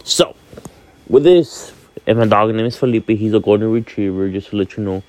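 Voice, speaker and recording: A man's voice: fairly low pitch, normal speed, a little mellow, no echo. A man in his twenties from Miami talks casually on his vlog, rambling and candid, with many fillers and free swearing. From Miami, Florida. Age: 20s. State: sleepy, yawning. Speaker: vlog host. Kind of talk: casual monologue.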